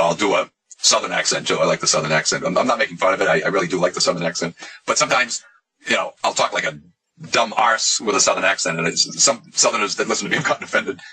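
A man's voice: low voice, pushed and bright, slightly rough, poor audio. A man hosting a casual monologue video, talking in a sarcastic, mocking way. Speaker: video host.

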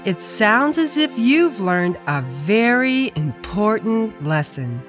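A woman voicing a gentle, patient mother in a children's story, explaining in a soothing, instructive way. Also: mid-range voice, very animated, slow pace, faint music behind. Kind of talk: storybook character voice.

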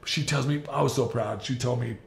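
A middle-aged man hosting a podcast, talking earnestly in a halting way with many restarts and laughs. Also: medium pitch, gravelly, echoey room. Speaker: podcast host. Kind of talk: casual interview chat.

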